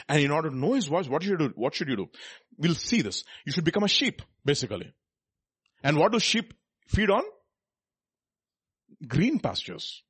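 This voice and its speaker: Husky-voiced male preacher, animated. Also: on the high side, no room sound. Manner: emphatic, asks the listeners rhetorical questions; reads scripture aloud between comments. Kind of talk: sermon.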